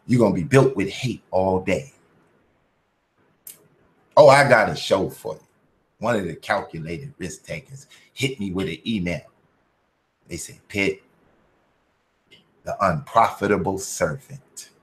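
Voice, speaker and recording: Animated, profane male stream host. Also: sits low. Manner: animated, profane, preachy motivational talk. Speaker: channel host. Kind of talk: casual commentary livestream.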